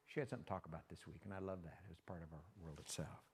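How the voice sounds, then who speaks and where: Speaking in a low, slightly rough voice at a racing pace, an older man preaches as a pastor. His sermon is casual and story-driven, and he plays out real-life conversations in a folksy, animated way, quoting the people involved.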